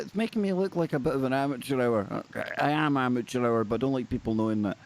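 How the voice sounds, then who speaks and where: A man's voice: medium pitch, fast talker, few pauses. A man with a Scottish accent hosting a live talk show, bantering in a jokey, self-deprecating way. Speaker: host. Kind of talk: casual live-show chat.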